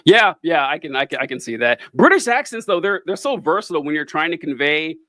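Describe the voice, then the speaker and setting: A man's voice: on the high side, lively intonation, quick pace, pushed and bright, no room sound. A young man co-hosting a podcast, chatting casually and wryly about a movie, rambling and interrupting himself. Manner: rambling, self-interrupting, wry. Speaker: podcast co-host. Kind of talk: casual movie review chat.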